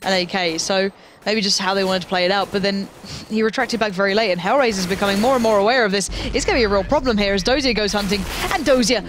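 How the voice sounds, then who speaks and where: Male game caster, excitable play-by-play, headset, pitch climbs in action. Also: quick pace, hardly any pauses, background noise. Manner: pitch leaps high in big plays. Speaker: esports commentator. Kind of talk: live esports play-by-play.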